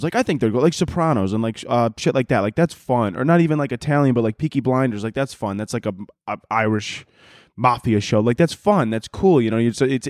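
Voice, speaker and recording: A man's voice: medium pitch, darkish tone, no room sound, clean studio sound. A man in his twenties hosting a podcast, ranting casually with lots of swearing and laughter. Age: 20s. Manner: profane, rambling, laughs often. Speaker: podcast host. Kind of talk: casual comedic rant.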